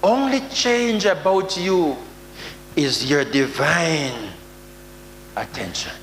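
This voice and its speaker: A man with a Jamaican accent preaching a sermon, with sudden loud outbursts and mock prayers. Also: a little high, expressive, takes it slowly. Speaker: prophet preaching. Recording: echoey hall with faint hum.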